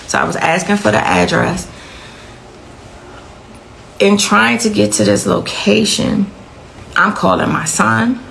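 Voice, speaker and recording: A woman's voice: mid-range voice, gravelly, fairly bright tone, slight background noise, poor audio. A middle-aged woman telling her own emotional account as a victim's mother, intense and repeating phrases for emphasis.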